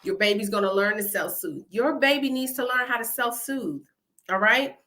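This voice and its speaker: A woman's voice: fairly high pitch, moderate pace, pushed and bright. A woman hosting a parenting video, talking casually and emphatically to the viewer, checking in with "all right?" and laughing now and then. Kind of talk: casual talk to camera.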